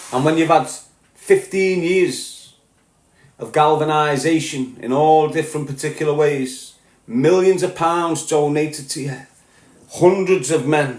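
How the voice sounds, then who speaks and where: A man with a Liverpool accent delivering a heated, profane solo rant as a podcast host, growing louder as he goes. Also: a little high, echoey room. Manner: heated, sweary, rising to shouting. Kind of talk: angry monologue rant.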